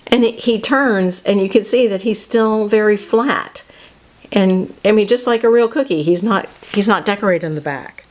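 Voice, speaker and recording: A woman's voice: lowish voice, a little fast. A woman hosting a casual book talk who chats loosely, often laughs and breaks off mid-sentence. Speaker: host. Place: home studio.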